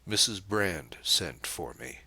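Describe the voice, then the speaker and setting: A man's voice: deep voice, sing-song, takes it slowly, gravelly, sharp tone, breathy edge, no room sound, full character voice. A man reading the part of a young priest who answers steadily and earnestly.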